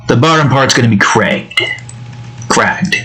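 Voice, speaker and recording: A man's voice: mid-range voice, lively intonation, a little slow, bright, forceful tone, poor audio. A young man casually narrating as he draws, rambling and muttering to himself. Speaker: digital artist. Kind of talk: casual narration while drawing.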